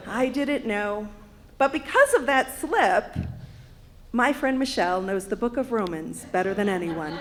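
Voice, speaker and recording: A woman's voice: medium pitch, animated, measured pace, fairly bright tone. A woman in her fifties from Wisconsin, with a Wisconsin accent, telling a personal story on stage with a wry, humorous delivery. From Wisconsin, USA. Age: 50s. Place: arts center stage.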